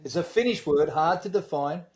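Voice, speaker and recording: A man's voice: fairly high pitch, normal speed, darkish tone. A man with an Australian accent, talking as a podcast guest in a blunt, easygoing way and swearing casually. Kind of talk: casual chat.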